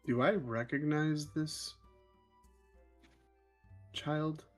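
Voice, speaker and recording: A man's voice: on the high side, steady tone, extremely slow, soft background music. A man playing a tabletop game character, rambling and stumbling through explanations with many fillers. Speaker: player.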